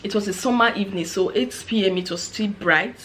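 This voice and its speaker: Brief: frank Nigerian woman, casual storytelling vlog, chatty and animated. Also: mid-range voice, brisk, slight background noise. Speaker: vlogger, former care assistant.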